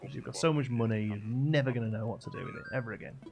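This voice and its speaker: A man's voice: mid-range voice, racing, gravelly, highs cut off, soft background music, close to an everyday voice. A man voicing a breezy, easygoing male genie as he tells a joke, in an offhand way. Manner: casual offhand joke-telling delivery. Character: easygoing male lamp genie granting wishes.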